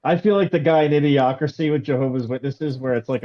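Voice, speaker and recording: A man's voice: mid-range voice, fast, hardly any pauses. Man, host, joking, hesitant, casual chat, dull call audio. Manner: hesitant, joking, full of ums and likes.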